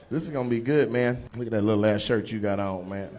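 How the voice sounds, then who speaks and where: A man doing stand-up crowd work, loudly teasing an audience member in a playful way. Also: mid-range voice, fairly even intonation, moderate pace. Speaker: stand-up comedian. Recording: live room with faint ambience.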